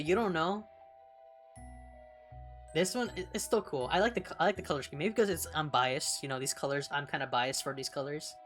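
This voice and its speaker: A young woman streamer with a low voice chats casually, blunt and full of swearing. She laughs often as she reads along, with faint music behind her. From California, United States. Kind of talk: casual chat while reading along.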